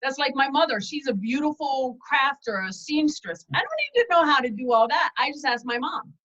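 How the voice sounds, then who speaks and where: A woman's voice: high-pitched, brisk, a bit bright. A woman guest telling her story candidly in a casual interview, over a dull lo-fi video call. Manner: chatty, candid, self-deprecating.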